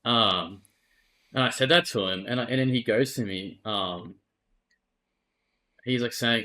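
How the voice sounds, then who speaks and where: A man's voice: mid-range voice, measured pace, pauses often, pushed and bright. An Australian man, an esports player, candidly retelling events in a casual interview and swearing freely.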